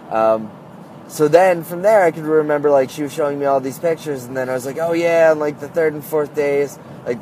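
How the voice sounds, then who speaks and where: A man's voice: medium pitch, darkish tone, slight background noise. A man telling a story in a casual, rambling monologue, full of "like" and "uh", recorded on a phone. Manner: rambling, heavy use of "like" and "uh".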